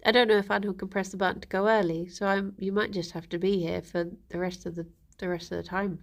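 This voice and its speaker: A woman livestreamer chatting casually with her viewers, tired and yawny after a bad night, relaxed and trailing off with frequent ums. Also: medium pitch, fast, vocal fry.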